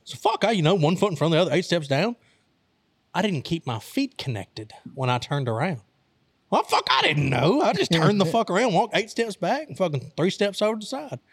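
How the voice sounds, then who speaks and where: A man's voice: sits high, very animated, a little fast, slightly rough, no echo. A young man from Arkansas telling a wild story in casual talk, profane and laughing as he goes. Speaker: storyteller host.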